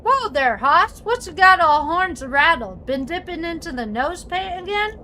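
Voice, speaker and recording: A woman voicing a brash cowboy character with loud, drawling folksy slang. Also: very high voice, very animated, unhurried, a little hiss or hum, voice pushed up, exaggerated voice. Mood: rowdy.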